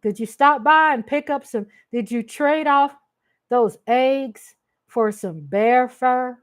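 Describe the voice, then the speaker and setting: A woman's voice: sits high, slow pace. A woman voicing a folksy country mother who talks to her son. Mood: homey.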